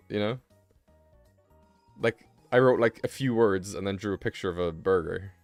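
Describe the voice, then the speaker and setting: A man's voice: low-pitched, normal speed, pauses often, dry recording, faint music behind. A young British man streaming live, chatting casually and rambling with self-mocking asides while he draws. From Britain.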